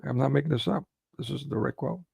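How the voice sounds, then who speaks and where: A man's voice: mid-range voice, fast talker, creaky, darkish tone, husky, no room sound, clean studio sound. A man hosting a commentary video, reacting to clips in a heated, indignant rant full of rhetorical questions.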